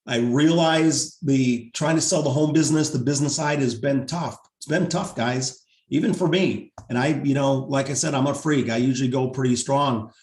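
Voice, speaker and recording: A man leading a team video call, pitching a pay plan in an upbeat, salesy way and going over the numbers more than once, his voice wearing thin. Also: moderate pace, a little mellow, reverberant. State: losing his voice.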